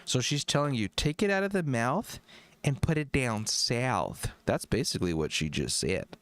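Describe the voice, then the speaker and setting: A man's voice: mid-range voice, very animated, moderate pace. A man streaming live, making crude jokes over a video and drinking as he talks. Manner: crude joking, sudden loud yells. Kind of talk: casual livestream commentary.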